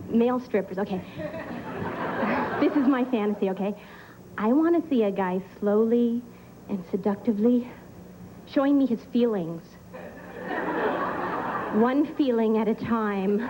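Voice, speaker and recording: A woman performing a stand-up comedy set, delivering deadpan one-liners with pauses for laughs on a club stage. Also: a little high, crowd noise, noisy background. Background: audience laughter.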